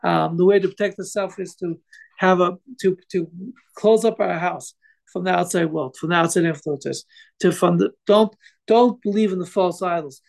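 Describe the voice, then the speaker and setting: A Torah teacher giving an informal religious class tells a story in a high, darkish voice full of gravelly fry. He speaks haltingly, stumbling over restarts and filling pauses with "um" and "like."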